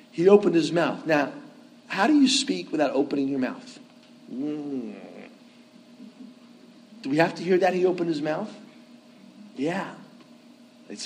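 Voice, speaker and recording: A man's voice: a little high, a little hiss or hum, rough recording. A man giving a conversational sermon, often asking his listeners "okay?" and "right?" to check that they follow him. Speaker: priest.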